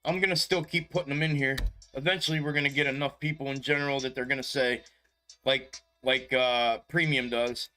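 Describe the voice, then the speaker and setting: On a stock market livestream, a man chats casually in a laid-back, profane way, often chuckling and calling viewers "bro." His mid-range voice is sharp in tone, fairly even, and fairly quick. Faint music plays behind him.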